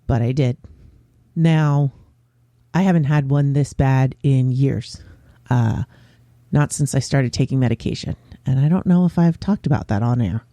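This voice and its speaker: Candid podcaster man with a dark voice. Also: medium pitch, no room sound, clean studio sound. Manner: candid and open, with frequent pauses and fillers. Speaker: podcast host. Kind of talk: casual solo podcast chat.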